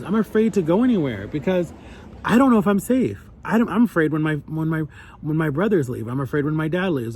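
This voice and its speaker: Husky-voiced young man, earnest and emotional. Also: a little high, darkish tone. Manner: earnest, emotional, voice rising when upset. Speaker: vlogger. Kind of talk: personal vlog commentary.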